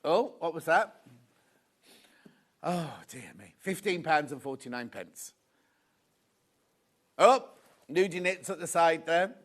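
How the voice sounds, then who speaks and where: A man's voice: on the high side, animated, takes it slowly, long pauses, a bit bright. A man presenting a live shopping show from a TV studio, from the UK, giggling often as he reads viewer messages aloud.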